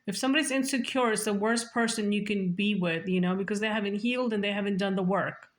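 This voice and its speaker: A woman's voice: medium pitch, quick pace. A woman vlogger telling her own story in a casual, blunt, profane way, with emphatic repetition and restarts. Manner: repeats and restarts words.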